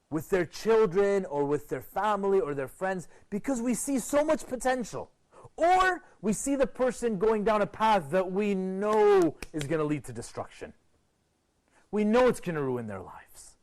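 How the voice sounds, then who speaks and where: A man presenting a TV program, giving an expressive motivational lecture to a group and asking rhetorical questions. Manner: expressive, rhetorical questions, sweeping pitch swings.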